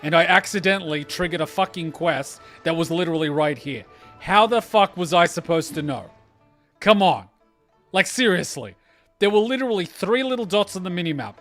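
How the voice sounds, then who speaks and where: Male gameplay reactor, slightly high voice, sarcastic, heavy swearing, faint game music behind. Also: lively intonation, moderate pace, fairly bright tone. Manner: sarcastic, swears often, exasperated outbursts. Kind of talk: casual gameplay commentary.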